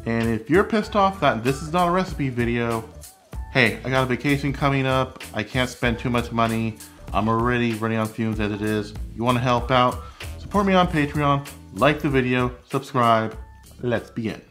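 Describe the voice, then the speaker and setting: A man's voice: mid-range voice, normal speed, fairly bright tone, soft background music. A man hosting his own cooking channel, chatting candidly and critiquing his own recipe videos. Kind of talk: casual vlog commentary.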